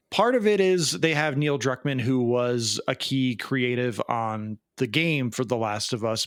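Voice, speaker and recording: A man's voice: mid-range voice, a bit bright, no room sound, studio quality. A man co-hosting a podcast in casual chat, rambling and jokey, often laughing. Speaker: podcast co-host.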